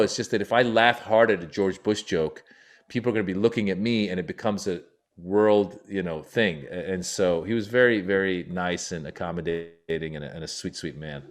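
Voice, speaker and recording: A man in his forties, a comedian born in Iran, tells a long story as a podcast guest. His voice sits low, and he leaps way up in pitch whenever he acts out other people. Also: brisk. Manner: acts out quoted voices with big pitch jumps. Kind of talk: animated storytelling.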